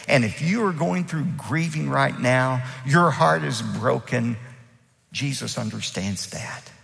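A man's voice: medium pitch, vocal fry, fairly bright tone, big-room sound. A man preaching a sermon as the pastor, emphatic, and acting out the lines he quotes.

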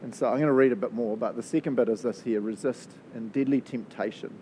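Man, New Zealand accent, pastor, dark warm tone, casual animated preaching, faint low hum. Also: poor audio. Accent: New Zealand English. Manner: animated, chatty, quick to laugh. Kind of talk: sermon with prayer.

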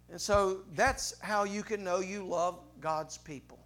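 A man preaches from the pulpit in a high voice. He builds to loud, impassioned peaks, then drops soft and earnest, often repeating his words. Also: steady tone, measured pace. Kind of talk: farewell sermon and prayer.

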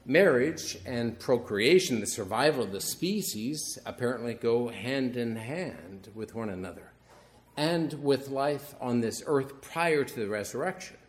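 Male priest, middle-aged, conversational homily, dry humor, medium pitch. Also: animated, a little slow. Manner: storytelling, conversational with wry humor.

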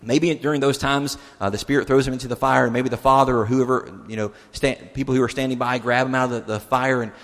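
A man's voice: medium pitch, fairly even intonation, fast, few pauses, a bit bright. A male pastor giving a conversational sermon, putting rhetorical questions to his listeners. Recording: long hall reverb.

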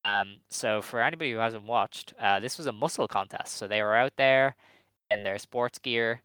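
A man co-hosting a podcast in casual chat, giggling and animated as he talks. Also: on the low side, moderate pace, clean tone, dry recording, rough recording. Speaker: podcast co-host.

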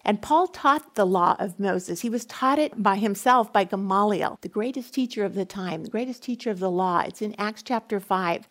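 A woman teaches through a passage of scripture in an earnest, steady way. Her voice sits a little high, and she leans into the verses she reads aloud. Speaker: Bible teacher. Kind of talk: Bible study talk.

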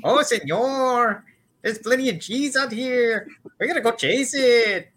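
A man's voice: very high voice, unhurried, a bit bright, pitched above the performer's own voice, heavily acted. A man voicing a cheerful male cartoon mouse with an exaggerated comic accent. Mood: playful.

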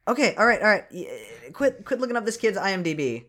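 An animated, jokey podcast host in casual chat who swears a lot. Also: mid-range voice, fast.

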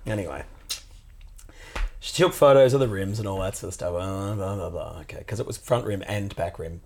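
A man's voice: brisk, vocal fry. A man who co-hosts a podcast, telling a story in casual chat and swearing now and then. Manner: animated, jumps into high put-on voices for quotes, swears casually. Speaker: podcast co-host.

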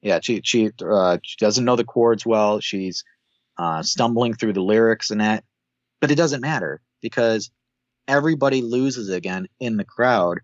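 A man co-hosting a podcast, recapping a TV episode in a rambling way with many filler pauses over a video call. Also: on the low side, no echo. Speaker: podcast co-host. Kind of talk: casual chat recapping a TV episode. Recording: dull dry call audio.

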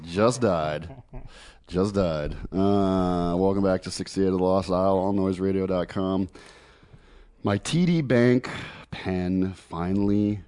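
A man with a fairly low voice hosts a casual podcast. He jokes around and is quick to laugh. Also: warm tone, clear, resonant tone. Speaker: podcast host. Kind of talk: casual chat.

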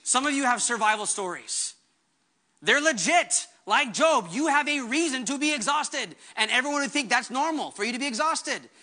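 A male pastor preaching a sermon with earnest, impassioned conviction and quick asides. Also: very high voice, expressive, sharp tone.

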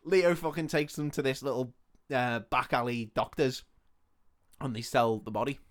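A man with an average-pitched voice retells a story in a casual, sweary way, laughing often. He sounds animated and loose, like a comedy podcast co-host. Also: moderate pace.

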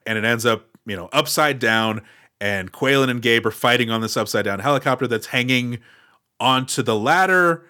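A man co-hosts a podcast in a loose, wry chat, full of playful sarcasm. His voice is bright and sharp, at an ordinary pitch. He rambles a little as he works through his thoughts. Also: normal speed, smooth. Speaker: podcast co-host. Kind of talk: casual chat.

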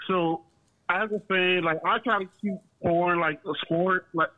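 A man with a Southern US accent calling in to a talk show, friendly and relaxed. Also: high voice, a little slow. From Georgia, US. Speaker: caller. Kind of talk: phone call to a talk show. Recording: tinny phone line.

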